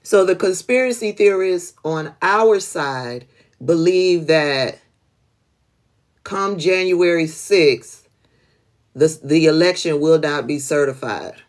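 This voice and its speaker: A woman's voice: low-pitched, takes it slowly. A woman hosting a casual political livestream, blunt and profane, often laughing, speaking. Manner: blunt, profane, laughing, talks to chat viewers by name.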